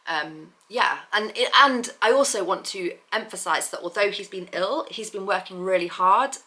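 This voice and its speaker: A woman's voice: medium pitch, moderate pace, sharp tone. Candid, rambling woman vlogger. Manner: candid, rambling, with many fillers and restarts. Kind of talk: casual personal vlog.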